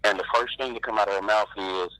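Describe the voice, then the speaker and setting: A man calling in to a live show, talking in a halting way with many fillers. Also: on the low side, fairly even intonation, no echo. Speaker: caller. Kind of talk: casual phone-in chat. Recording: dry, bright phone line.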